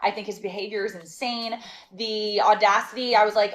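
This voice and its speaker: A woman tells a storytime that's casual, animated, and sassy, sounding exasperated and laughing between lines. Her mid-range voice runs a little fast, and the audio is poor.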